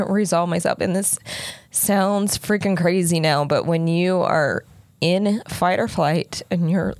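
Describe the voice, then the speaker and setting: Low, gravelly-voiced woman telling a hard story. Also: a little mellow, no room sound. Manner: halting, with many restarts and fillers; earnest, unguarded, close to tears. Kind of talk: emotional personal storytelling.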